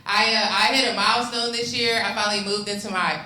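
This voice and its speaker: A woman's voice: mid-range voice, fairly even intonation, fast, sharp tone, reverberant, rough recording. A young adult woman doing a stand-up comedy set on a club stage, loose and profane, talking casually with lots of ums and restarts.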